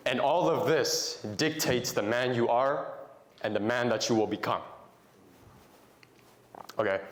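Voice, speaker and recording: A young adult man giving a Christian talk to young men, telling stories in a conversational way and putting questions to the audience. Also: medium pitch. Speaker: motivational Christian speaker. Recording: echoey room.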